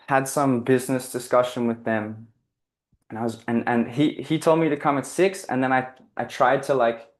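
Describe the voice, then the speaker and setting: Earnest rambling man telling a story. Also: mid-range voice. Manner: earnest, rambling, self-correcting, heavy use of "like". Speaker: guest speaker on spiritual living. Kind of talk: casual reflective storytelling talk.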